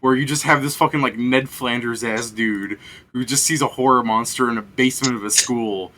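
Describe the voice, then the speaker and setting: A man's voice: mid-range voice, fairly even intonation, moderate pace, bright, forceful tone. A young man, the game master, telling a long rambling story in casual chat, swearing often and laughing.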